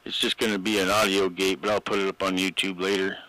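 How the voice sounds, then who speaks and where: A man's voice: low-pitched, little pitch movement, fast, bright, forceful tone, dry recording, rough recording. A man chatting casually over a CB radio, with a folksy, drawling way of talking. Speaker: CB radio operator. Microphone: radio base station mic.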